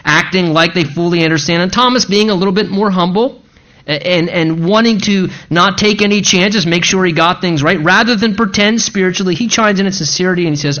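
A pastor preaching a sermon in an earnest, emphatic, conversational way. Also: male voice, sits high, fairly quick, fairly bright tone. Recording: dull lo-fi sound.

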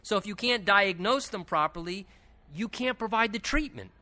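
A male pastor teaching verse by verse through a Bible passage in a conversational, animated way, with asides and quick self-corrections. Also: high voice.

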